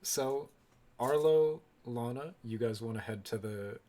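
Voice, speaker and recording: A man narrating a tabletop game as dungeon master, relaxed and full of ums and uhs. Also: mid-range voice, a little slow, slight background noise.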